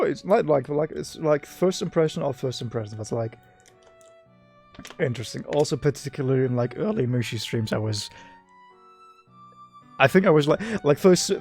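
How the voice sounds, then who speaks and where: A man's voice: mid-range voice, lively intonation, normal speed, long pauses, a little mellow, faint music behind. A man hosting a casual live stream chat with a guest, rambling and teasing with lots of filler words.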